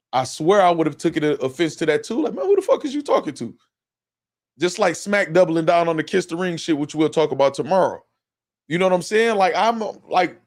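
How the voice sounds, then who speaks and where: A man hosting a live stream, giving casual, profane commentary and repeating himself as he reacts to clips. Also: on the high side. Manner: animated, repetitive, profane, talks over clips. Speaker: livestream host.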